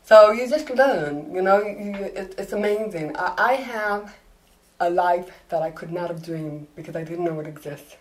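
Animated woman comedian telling stories. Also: fairly low pitch, normal speed, poor audio. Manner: animated, acts out quoted voices. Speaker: comedian, guest. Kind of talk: storytelling interview answers.

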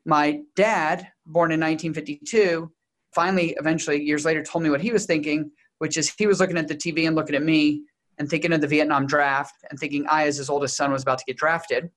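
A young adult man from Texas, speaking as a guest in an interview. He talks quickly, with a voice pitched a little on the high side. He lays out research and personal stories in a brisk, lecturing way. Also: fairly even intonation, a bit bright. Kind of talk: interview answer.

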